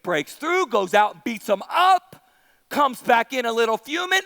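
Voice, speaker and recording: A man preaching a sermon as an animated storyteller who acts out the characters. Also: extremely high pitch, a little slow, big-room sound, faint music behind. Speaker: pastor.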